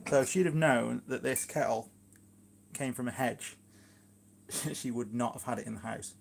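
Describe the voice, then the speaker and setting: A man with a Shropshire English accent chats in a loose, rambling way, full of fillers and side remarks. He sounds relaxed and homely, talking to viewers from his kitchen on a casual live stream. His voice sits at an ordinary middle pitch. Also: measured pace, vocal fry. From England, Shropshire. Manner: rambling, chatty, many fillers and asides. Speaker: gardening vlogger, live streamer.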